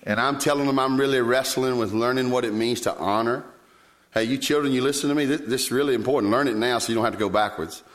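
Man preaching in animated storytelling. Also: quick pace. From Virginia, US. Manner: animated storytelling, sudden leaps in pitch when quoting himself. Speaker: pastor. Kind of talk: sermon.

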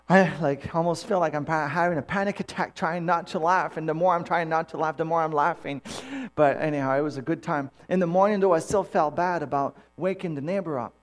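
A man preaching a sermon, telling personal stories in an animated way and acting out the dialogue. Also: on the high side, a little fast. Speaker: pastor.

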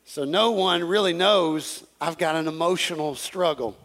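A man preaching an animated sermon, acting out dialogues and repeating phrases. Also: on the high side, unhurried. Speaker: pastor.

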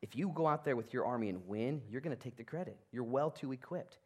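Low hushed voice of a blunt, casual God, as a pastor acts him out, church sermon, lively delivery. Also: male voice, fast, natural voice. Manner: low, hushed, matter-of-fact and slangy. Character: God, a calm, blunt male deity. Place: church sanctuary.

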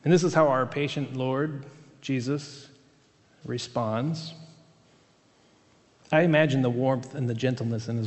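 A man's voice: medium pitch, steady tone, measured pace, pauses often, a little mellow. Male pastor, sermon, conversational, fillers and restarts, long hall reverb.

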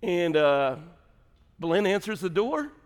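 A middle-aged male pastor with a fairly high voice tells a funny family story from the pulpit, chuckling as he goes. His voice rings out in a church with a long, hanging reverb. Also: very animated, unhurried, smooth. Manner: humorous, chatty, laughs often. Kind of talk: storytelling sermon. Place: church sanctuary.

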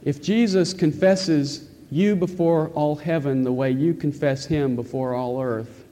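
Male pastor, earnest emphatic sermon delivery, mellow tone, long reverb of a church hall. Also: fairly high pitch, steady tone, a little slow. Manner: earnest, emphatic preaching with rhetorical questions. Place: church sanctuary.

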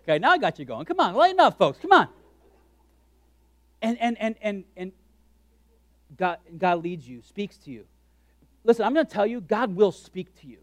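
A man preaching a sermon as pastor, animated and joking, acting out his own thoughts in quick asides. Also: high voice, dry recording.

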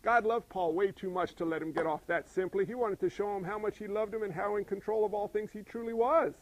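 A man preaching a sermon, animated and asking his listeners questions. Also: high voice, a little fast, rough recording. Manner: animated, asks the congregation questions. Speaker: pastor.

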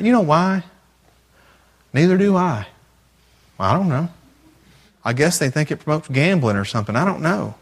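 A man giving a sermon as a youth pastor, often repeating himself and asking the audience rhetorical questions. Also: on the high side.

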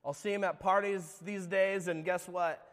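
Male pastor, middle-aged, high voice; confessional sermon testimony, loud to hushed, church-hall reverb. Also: steady tone, normal speed. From California. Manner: earnest, confessional, swings between loud and hushed. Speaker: guest speaker, former youth pastor.

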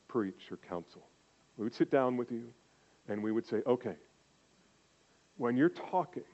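An older pastor preaches a sermon slowly and emphatically, swinging between loud declarations and quiet, intimate asides. His voice is medium in pitch, and the sound is lo-fi.

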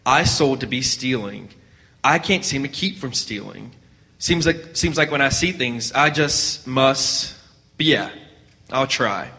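A man voicing an escaped male convict who speaks haltingly and stubbornly. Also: mid-range voice, animated, gravelly, pushed and bright, big-room sound, full character voice. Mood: pleading.

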